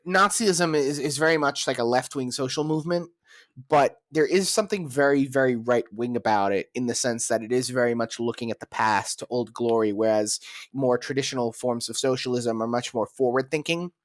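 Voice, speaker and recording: A man's voice: mid-range voice, brisk, no room sound, studio quality. A man hosting a podcast in casual chat, opinionated and argumentative. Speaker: podcast host.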